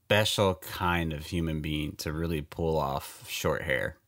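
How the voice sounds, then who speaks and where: Deep-voiced laid-back man. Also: a little slow, a bit bright. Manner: laid-back, hesitant, lots of fillers. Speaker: podcast co-host. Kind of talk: casual chat reviewing a movie.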